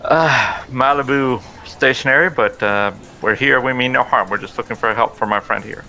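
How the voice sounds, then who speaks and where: A man speaking in character as a player in a tabletop game, polite and mock-formal with drawn-out fillers. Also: medium pitch, pushed and bright, a little hiss or hum, rough recording. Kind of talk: in-character tabletop role-play.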